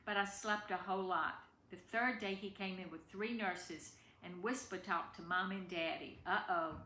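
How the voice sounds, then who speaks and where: A woman's voice: lowish voice, moderate pace, pushed and bright. A woman reading a family memoir aloud in a tender, emotional way. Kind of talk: reading a personal story aloud. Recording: echoey room with faint background noise.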